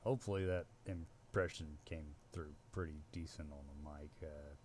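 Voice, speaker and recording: A man's voice: a bass voice, fairly even intonation, moderate pace, darkish tone, a little hiss or hum. A male streamer chatting casually while playing a video game live. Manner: casual, chatty, talks to himself. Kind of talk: live gameplay commentary.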